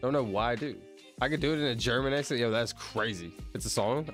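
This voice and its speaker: A man's voice: mid-range voice, fast, a bit bright, soft background music. A young man streaming, chatting casually in a rambling, slangy way and calling people bro. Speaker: streamer counting out loud. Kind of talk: casual livestream chat.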